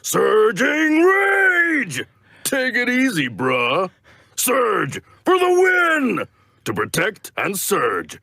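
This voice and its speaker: A man voicing a hyped-up male robot brawler who shouts in a pumped-up way. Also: very high-pitched, wildly swooping pitch, drawn-out words, gravelly, husky, no room sound, studio quality, full character voice.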